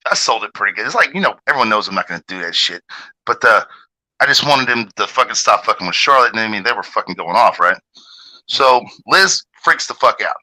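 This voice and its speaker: A man hosting a livestream panel, telling a long story in casual, profane talk and jumping up in pitch when he gets outraged. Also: a little fast, low-quality recording. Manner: animated, swings pitch up sharply when outraged.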